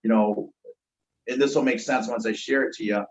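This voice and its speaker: A man's voice: medium pitch, normal speed. Lo-fi storytelling man from Michigan. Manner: animated, acts out voices of people in his stories. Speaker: guest, former police K9 officer. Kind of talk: storytelling in a casual interview. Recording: slightly dull, lo-fi sound.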